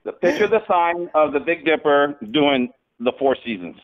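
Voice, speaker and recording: A man's voice: on the high side, expressive, normal speed. A man joining a livestream remotely, chatting casually and insistently explaining his point. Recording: tinny phone-like line.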